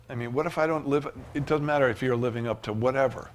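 A man preaching a sermon as pastor, emphatic, swinging from loud rises to soft asides. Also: medium pitch, steady tone, fast.

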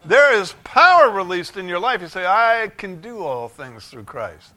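A man preaching a sermon from the pulpit, fervent, swinging from low, quiet lines to shouted bursts of joy. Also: very animated, unhurried. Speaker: pastor. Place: church sanctuary.

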